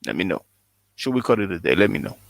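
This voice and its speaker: A man hosting a live call-in stream, chatting casually with his audience and callers in a relaxed, drawn-out way. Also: low-pitched, gravelly, no room sound. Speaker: livestream host taking callers.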